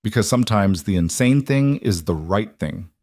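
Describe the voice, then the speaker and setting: A man reading a calm, gentle widowed dad. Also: on the low side, moderate pace, no echo, studio quality. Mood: reassuring. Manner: calm, reassuring. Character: steady, gentle widowed single father. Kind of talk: audiobook-style story reading.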